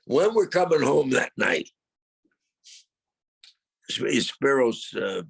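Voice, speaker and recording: An older man, a guest, telling a casual story in a gravelly voice and acting out the dialogue. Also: medium pitch, slow, dry recording. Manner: animated, acts out quoted dialogue.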